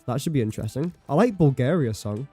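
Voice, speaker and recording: A man's voice: medium pitch, lively intonation, fast, warm tone, slightly rough, soft background music. A young man chatting casually while livestreaming a game, rambling and correcting himself as he talks. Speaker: streamer. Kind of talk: casual gameplay livestream chat.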